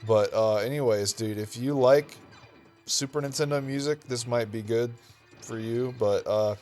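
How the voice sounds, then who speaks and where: A man's voice: mid-range voice, a little slow, darkish tone, faint music behind. A man hosting a retro gaming channel, giving casual, rambling gameplay commentary and saying "dude" and "okay" a lot. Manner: laid-back, rambling, says "dude" and "okay" often.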